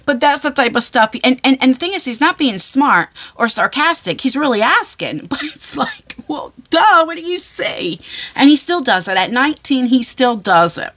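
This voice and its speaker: A woman in her forties, a vlogger telling funny stories to camera in a chatty, animated way with frequent laughs and fillers. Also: high-pitched, moderate pace, few pauses. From New Jersey shore area. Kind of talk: casual storytelling to camera.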